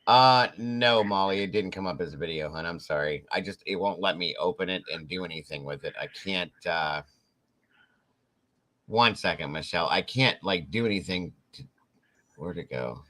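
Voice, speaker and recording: A man hosting a casual live-stream chat, relaxed and rambling, often pausing on "um" and laughing. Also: low voice, low-quality recording. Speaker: host.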